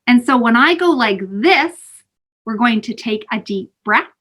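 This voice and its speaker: Woman, kids' mindfulness teacher, fairly high and animated, sing-song delivery, video-call sound. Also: unhurried. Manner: animated, sing-song, calls kids sweethearts. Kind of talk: teaching kids breathing exercises. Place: home, virtual session.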